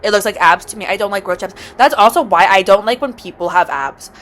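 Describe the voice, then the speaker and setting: A woman vlogger telling a storytime rant, dramatic and swearing constantly, swinging from loud outbursts to low mutters. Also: fast talker.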